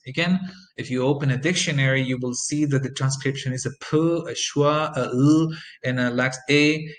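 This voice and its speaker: A man giving a recorded pronunciation lesson at a middle pitch. He explains patiently, stops on "um" and "uh", and says example phrases slowly more than once. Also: rough recording. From Costa Rica. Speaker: English phonetics instructor.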